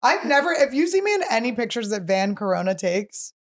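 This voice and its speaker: A woman's voice: on the high side, big pitch swings, brisk. A woman comedian in her thirties hosting a podcast, chatting casually and teasing her partner, laughing often. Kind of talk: casual chat.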